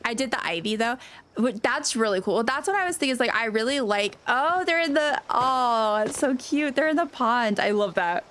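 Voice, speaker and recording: A woman game streamer with a slightly high voice chats casually on a live stream at normal speed. She is gushing and excitable, rambling along with lots of restarts.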